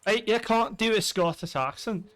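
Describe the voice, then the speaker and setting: Lively high-voiced man swearing casually. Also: normal speed. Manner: animated, swears freely. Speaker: streamer playing a game. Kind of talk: casual gaming chat.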